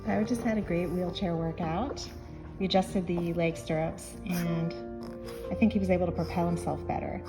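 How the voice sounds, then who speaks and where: A woman caring for a rescue puppy, cooing and whispering soft baby talk to it between casual explanations for a pet vlog. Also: on the low side, fairly even intonation, moderate pace, music in the background. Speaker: dog rescue caretaker.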